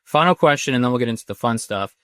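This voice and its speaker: A man's voice: mid-range voice, animated, fast, fairly bright tone, clean tone, no room sound, studio quality. A man in his thirties hosting a podcast interview, chatty and rambling, with many restarts in his questions. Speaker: podcast host. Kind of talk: conversational interview.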